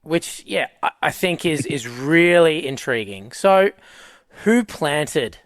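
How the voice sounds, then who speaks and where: A man's voice: fairly high pitch, expressive, takes it slowly, no room sound. A man hosting a casual podcast interview, chatty and thinking aloud as he asks his questions. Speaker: podcast host.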